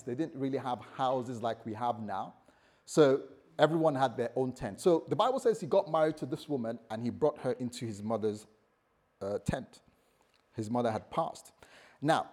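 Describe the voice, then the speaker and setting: A man's voice: medium pitch, darkish tone. A man preaching a sermon as a pastor, conversational and jokey, often laughing at himself.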